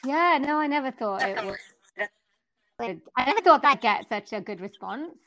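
A woman's voice: sits high, animated, bright, forceful tone, a little hiss or hum. A Welsh woman who works in voice-over, chatting casually as a guest with plenty of fillers. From South Wales, UK. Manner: chatty, many fillers, quick exclamations. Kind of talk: casual interview chat.

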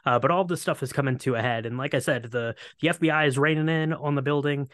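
A man's voice: fairly high pitch, quick pace, fairly bright tone, no room sound. Man recapping a movie, dry sound. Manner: rambling, filler-heavy retelling. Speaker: podcast co-host. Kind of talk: casual movie recap chat.

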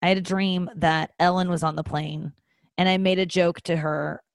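A woman's voice: fairly low pitch, fairly even intonation, moderate pace, dry recording. A young adult woman hosting a podcast, chatting casually in a candid, rambling, self-deprecating way with many fillers. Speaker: podcast host. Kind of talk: casual solo chat.

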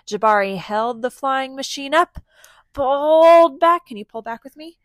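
A woman's voice: sits high, animated, a little slow, fairly bright tone, no echo. A woman reading a storybook aloud to her children, stopping often to ask them questions. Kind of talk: interactive read-aloud to children.

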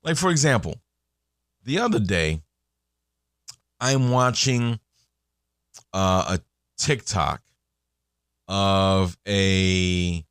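A man's voice: deep voice, expressive, very slow, pauses often, a bit bright, smooth, no room sound, clean studio sound. A man in his thirties hosting a podcast, talking in a casual, rambling monologue full of fillers and restarts. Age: 30s. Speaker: podcast host.

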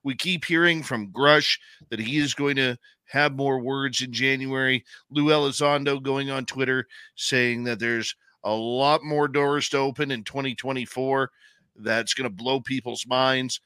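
Man, radio talk show host, bright tone, brisk questions, dry studio sound. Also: medium pitch, fairly even intonation, smooth, no room sound. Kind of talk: radio interview hosting.

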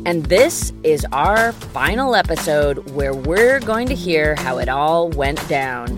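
A woman's voice: deep voice, sing-song, slow pace, music in the background. A woman in her fifties, host and producer, giving upbeat, welcoming scripted podcast narration. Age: 50s.

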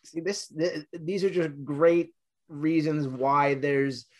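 A man's voice: fairly high pitch, fairly even intonation, takes it slowly, darkish tone. A man interviewing a guest, talking up a subject with enthusiasm. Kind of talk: interview talk.

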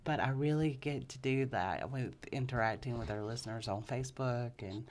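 A woman with a strikingly low voice co-hosts a relaxed podcast. She chats loosely, laughs easily and trails off with fillers, with a faint hiss under her voice. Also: moderate pace. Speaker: podcast co-host. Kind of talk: casual chat.

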